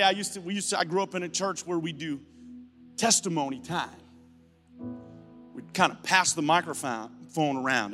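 A male pastor preaching a sermon, animated and playful, telling stories and acting out voices. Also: on the high side. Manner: animated, storytelling with playful asides. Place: church sanctuary. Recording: live church hall with music.

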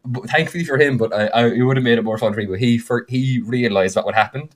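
A man, co-hosting a podcast and telling the story of a game he ran in an animated, filler-heavy way. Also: a little hiss or hum. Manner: animated, with frequent fillers and quick bursts of higher pitch. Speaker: podcast co-host and game master. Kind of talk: casual storytelling chat.

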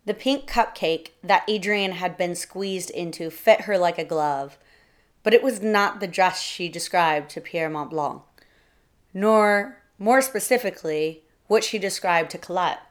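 A woman narrating a short story in a steady reading voice. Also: lowish voice, measured pace. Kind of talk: storytelling read-aloud.

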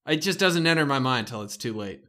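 A man co-hosting a podcast, talking in casual chat with a halting, reflective manner. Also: mid-range voice, lively intonation, bright, forceful tone. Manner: halting, reflective, repeats words.

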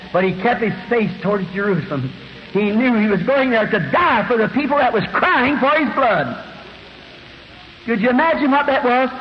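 A man preaching a fervent sermon in a large hall, now and then bursting into shouts. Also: extremely high pitch. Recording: dull echoey hall recording with faint hiss.

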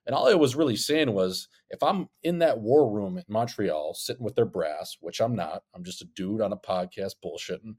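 A man's voice: on the low side, animated, normal speed, hardly any pauses, darkish tone, breathy edge. A man telling a rambling story on a casual podcast, profane and joking. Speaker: podcast co-host, former hockey player. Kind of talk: casual chat. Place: Scottsdale.

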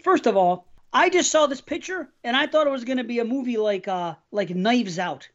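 A man's voice: very high voice, animated, normal speed, a bit bright, lo-fi sound. A man co-hosting a podcast, rambling in casual, heavily profane chat. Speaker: podcast co-host.

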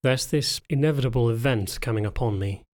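A man reading the lines of a frightened young pregnant anthro woman in an audiobook, speaking softly and hesitantly. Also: medium pitch, fairly quick, lightly acted. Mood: fearful, subdued. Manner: soft, trembling, hesitant.

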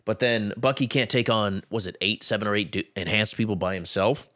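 A man in casual chat about a TV show, talking in halting bursts with many restarts. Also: on the low side, pushed and bright.

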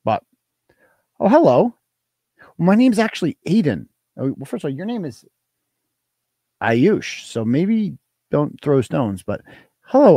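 A man's voice: fairly high pitch, mellow, no room sound, clean studio sound. A man with a Boston accent hosting a livestream talk show, ranting in a mocking, combative and profane way. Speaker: podcast host.

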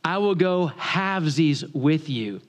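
A man's voice: sits high, very animated, normal speed, a bit bright. A man voicing an eager, friendly young country man in a sermon story.

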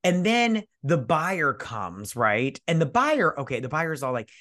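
A man co-hosting a tipsy movie-review chat, cursing freely and rambling. He keeps slipping into quoted lines from the film. His pitch sits in an ordinary middle range. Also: sing-song, normal speed, hardly any pauses, pushed and bright. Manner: profane, rambling, acts out characters in quotes. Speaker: podcast co-host.

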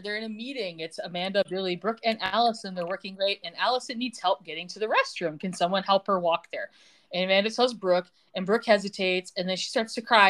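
Woman podcaster recapping a soap, snarky, laughs a lot, mid pitch. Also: a bit bright. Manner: sarcastic, quips and laughs while retelling scenes. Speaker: podcast host recapping a TV episode. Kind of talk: casual chat.

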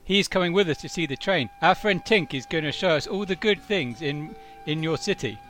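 Casting: man doing an earnest, literal mountain man, slightly high voice, tabletop game. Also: expressive, brisk, a bit bright, soft background music. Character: naive mountain man with a pet sheep.

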